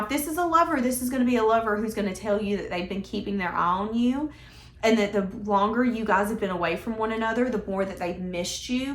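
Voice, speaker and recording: A woman giving a casual tarot reading in a chatty, emphatic, conversational way. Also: mid-range voice. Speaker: tarot reader. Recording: echoey room.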